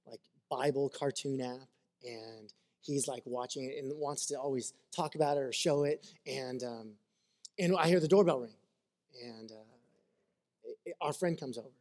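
A man's voice: mid-range voice, moderate pace, darkish tone. A man preaching a sermon as a pastor, earnest and conversational, mixing scripture with personal stories.

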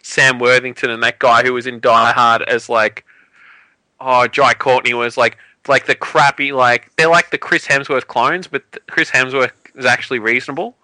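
A man's voice: mid-range voice, steady tone, sharp tone, no echo, poor audio. A man, co-hosting a podcast and ranting sarcastically in a casual film review. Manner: ranting, sarcastic, quick asides. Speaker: podcast co-host.

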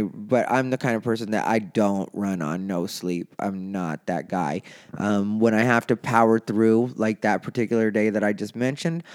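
A man talking casually and candidly on his own show, rambling from thought to thought and getting animated, tired and yawning. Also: on the low side, clean tone. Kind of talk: casual solo talk.

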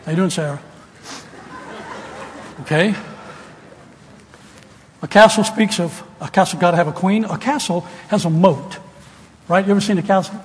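An older man preaching a sermon to students, folksy and storytelling, rising now and then to loud emphasis. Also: high voice, normal speed, long pauses, some chatter behind. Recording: long hall reverb, faint room noise.

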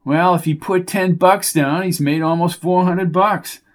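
A man voicing a sarcastic, excitable sidekick at the horse races, full of jokes. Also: sits high, a little slow, pitched above the performer's own voice. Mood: wisecracking. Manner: sarcastic and jokey. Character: wisecracking excitable man, a race-betting sidekick.

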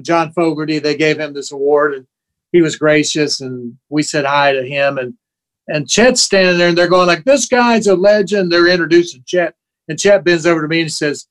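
A man in his sixties, a guest musician, telling sentimental stories in a relaxed chat and briefly acting out the voices of people he quotes. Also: a little high. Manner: animated anecdotes, acts out quoted voices; emotional, sentimental. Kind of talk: casual storytelling chat.

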